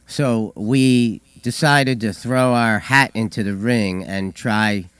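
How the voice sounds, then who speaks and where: A hoarse man co-hosting a call-in show, telling stories with hesitant fillers and dry humor. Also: fairly low pitch, takes it slowly, fairly bright tone, no room sound. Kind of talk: casual radio chat.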